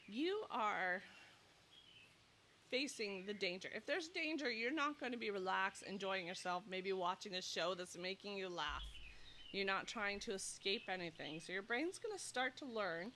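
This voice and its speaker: A woman in her 30s, a nurse and sleep coach, hosts a casual advice talk straight to camera outside in humid heat. Her voice is bright and animated, medium-pitched, at normal speed, and a bit breathless as she acts out anxious inner thoughts. There's slight background noise, and her clip-on mic is working loose.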